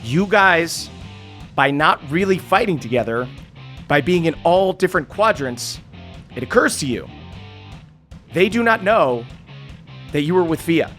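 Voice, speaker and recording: A man narrating a tabletop game as game master, casual and energetic, with many fillers. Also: a little high, a little slow, long pauses, faint music behind.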